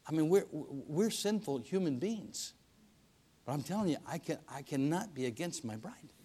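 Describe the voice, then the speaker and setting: Guy preaching at a church service, folksy storytelling, gets loud then drops real quiet. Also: on the high side, moderate pace, slightly rough. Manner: folksy storytelling with repetitions and restarts; lively swings between loud emphasis and quiet hushed lines. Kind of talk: sermon.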